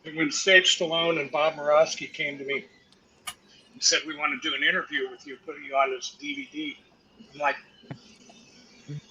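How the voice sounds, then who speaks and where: An older man, a guest actor, telling profane, animated stories about his career to a live audience and acting out the quotes. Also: on the high side, normal speed, long pauses, slight background noise, poor audio. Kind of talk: anecdotal storytelling to a live audience.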